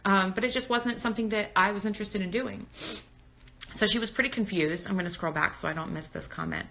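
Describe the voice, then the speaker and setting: A birth educator in her thirties chats on Instagram Live from her phone, speaking a little fast in a mid-range, slightly bright voice. She is candid and talkative, reading viewers' comments aloud and answering them.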